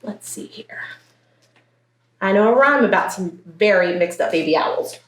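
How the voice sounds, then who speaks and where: A woman's voice: mid-range voice, expressive, measured pace, distant mic. A woman librarian leading a story time, reading a picture book aloud and talking playfully to young children. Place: branch library. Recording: roomy echo, faint background hiss.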